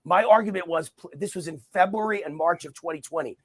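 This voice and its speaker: A man's voice: fairly high pitch, fast, breathy edge. A middle-aged man giving heated, combative answers in an interview, hammering his points by repeating them. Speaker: interview guest, commentator. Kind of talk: heated political interview talk.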